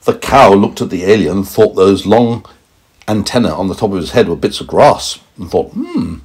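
A man improvises a bedtime tale for a little one at home, speaking at a normal pace in a slightly rough voice. He's playful and animated, letting his pitch swoop up and down to stress moments.

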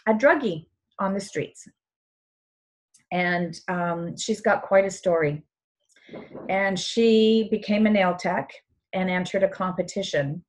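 A middle-aged woman hosts a casual show in an easy, chatty way. Her voice sits at a medium pitch, and she grows eager and sentimental as she goes on, at times sounding choked up. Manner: enthusiastic, gets emotional and tearful. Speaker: show host. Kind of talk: casual chat.

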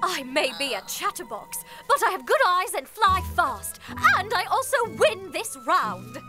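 A woman's voice: very high voice, very animated, a little slow, music in the background, exaggerated voice. A woman voicing a boastful, chattering female bird in a cartoon dub.

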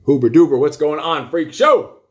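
A man's voice: a little high, big pitch swings, moderate pace. Fired-up man ranting profanely. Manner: loud, emphatic, swears constantly, repeats phrases for punch. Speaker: coach and show host. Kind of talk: profane motivational rant.

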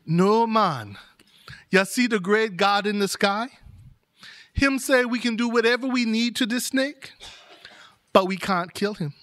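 A man voicing a fearful male island villager, warning in hushed, urgent tones. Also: sits high, measured pace, pauses often.

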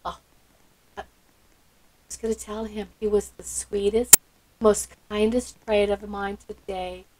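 A woman's voice: medium pitch, little pitch movement, unhurried, background noise. A woman hosting a gameplay video, gushing with sweet enthusiasm and gasping often. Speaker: channel host. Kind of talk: excited gameplay commentary.

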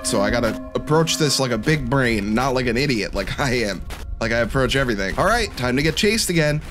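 A man's voice: medium pitch, lively intonation, a little fast, a bit bright, soft background music. A young man giving joking, self-deprecating commentary while playing a horror game. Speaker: gaming YouTuber. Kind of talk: let's-play commentary.

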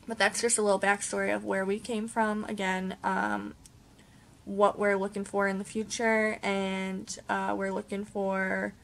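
A young woman vlogging casually to camera at home, rambling with many pauses and ums. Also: medium pitch, flat delivery, creaky, fairly bright tone. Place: home, indoors.

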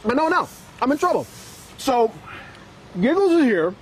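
A man's voice: extremely high pitch, sing-song, moderate pace, a little hiss or hum, rough recording. A male TV reporter doing a live, upbeat field segment from an outdoor food stand, bantering playfully. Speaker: TV morning reporter.

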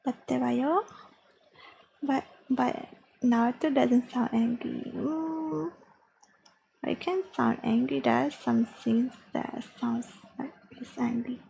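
A woman streaming her language study, slowly repeating practice phrases aloud and chatting with viewers. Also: on the high side, creaky, warm tone, a little hiss or hum, rough recording. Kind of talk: casual study-stream chat.

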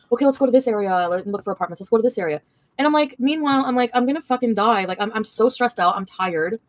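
A woman's voice: medium pitch, no room sound. A young woman livestreaming an angry, profane, rambling rant full of fillers.

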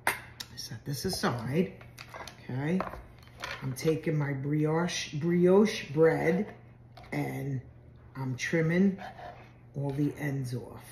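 A woman's voice: low-pitched, a little mellow, roomy sound, slight background noise. A woman walking through a simple recipe step by step in a chatty home cooking video. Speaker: home cook. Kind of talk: casual cooking demonstration.

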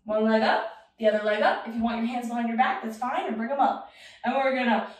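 Young female kids-yoga teacher, bright sing-song delivery, boomy room sound, mic at a distance. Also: steady tone, fast, heavy reverb. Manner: playful, sing-song, encouraging. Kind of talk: guiding a children's yoga class.

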